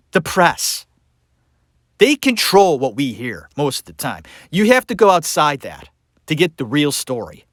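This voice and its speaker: Man, podcast host, sarcastic rant, slightly high voice, lively intonation. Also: no room sound, studio quality. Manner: sarcastic, ranting, emphatic. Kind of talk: solo opinion rant.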